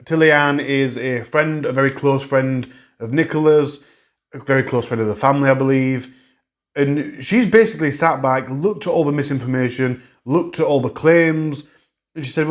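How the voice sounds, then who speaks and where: A man's voice: medium pitch, normal speed. Guy, mid voice, chatting thru a true crime update, fixes his own slips as he goes. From England. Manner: conversational, recapping and correcting himself, regional grammar. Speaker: true crime channel host.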